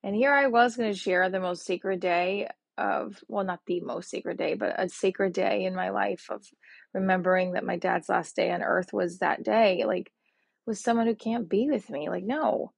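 Husky, gravelly woman in her forties. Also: mid-range voice, steady tone, normal speed, dry recording, clean studio sound. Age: 40s. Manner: rambling and emotional, with restarts. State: sad and upset. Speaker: podcast host. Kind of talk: personal voice diary monologue.

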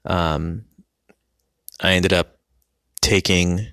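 A man casually telling a personal story about his family, halting with many ums and restarts. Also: sits low, fairly even intonation, pushed and bright, smooth, dry recording, studio quality.

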